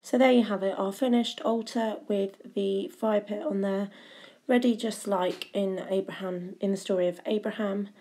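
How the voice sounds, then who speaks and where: Brief: woman, mellow and warm-toned, halting craft walkthrough full of fillers. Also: mid-range voice, steady tone. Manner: casual, halting, many fillers. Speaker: children's craft leader. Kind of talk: craft demonstration.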